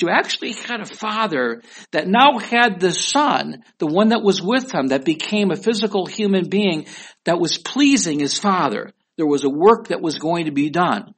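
A man's voice: high-pitched, lively intonation, moderate pace, husky. A man preaching a sermon in a conversational way, asking his listeners questions. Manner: conversational, asks the audience questions. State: weak voice. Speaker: pastor.

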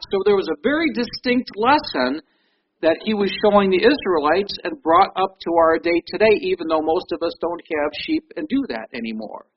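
A man's voice: high voice, highs cut off, a little hiss or hum. A man preaching a sermon in a conversational way, reading scripture aloud. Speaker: pastor.

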